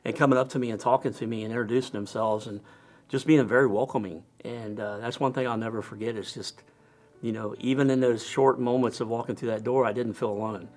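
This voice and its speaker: A middle-aged man, a firefighter lieutenant, giving an earnest, halting personal testimony with many pauses and restarts. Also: medium pitch.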